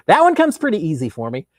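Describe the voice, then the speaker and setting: This host is a middle-aged man from Texas who answers viewers' questions in a loose, rambling live chat, restarting often and leaning on fillers. He speaks briskly in a high voice whose pitch swoops wildly. The studio recording is clean, with no room sound.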